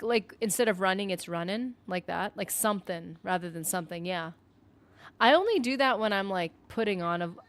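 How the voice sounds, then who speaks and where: Rambling, chatty woman streamer. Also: medium pitch. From northern United States. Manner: rambling, chatty, full of "like" and self-interruptions; reads viewer comments aloud. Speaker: game streamer. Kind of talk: casual live-stream chat.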